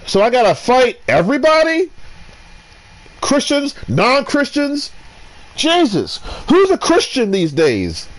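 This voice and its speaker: A man ranting while commentating his gameplay, restarting sentences and swinging between loud outbursts and low muttering. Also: huge pitch swings, slow. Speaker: gamer.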